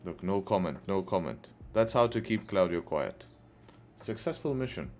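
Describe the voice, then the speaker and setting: This forex livestreamer sounds tired and yawns as he chats with viewers, bantering with the chat and often saying "right?" and "guess what." His low-pitched, slightly mellow voice has lively intonation and a moderate pace, with a little hiss or hum in the audio.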